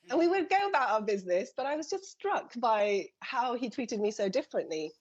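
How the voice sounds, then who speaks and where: A woman's voice: fairly high pitch, sing-song, moderate pace, husky, muffled recording. A woman in her thirties, a family doctor, telling stories earnestly in a live TV interview and acting out the voices she quotes.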